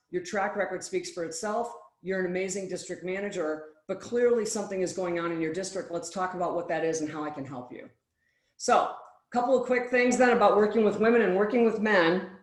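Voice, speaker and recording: Woman giving a roomy, echoing keynote. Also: lowish voice. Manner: animated storyteller who acts out quoted dialogue. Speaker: speaker. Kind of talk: keynote presentation. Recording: roomy echo.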